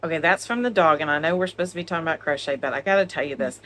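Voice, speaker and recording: Filmed on a phone at home, a woman co-hosting a crochet vlog chats casually, laughing and joking. Her deep voice races along, a bit bright, with a little hiss or hum underneath.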